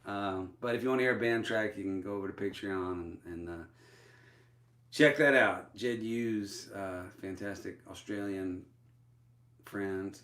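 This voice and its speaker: A man's voice: fairly low pitch, a little slow, fairly bright tone, reverberant. A man with a Texan accent, a musician hosting his own livestream, talking loosely with many fillers and restarts. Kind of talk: casual livestream chat.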